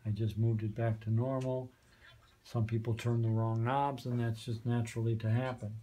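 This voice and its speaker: A man's dark, medium-pitched voice stays level at a normal speed as he teaches volunteers the soundboard at a community radio studio. It's a practical walkthrough, and he keeps patiently making sure they've understood.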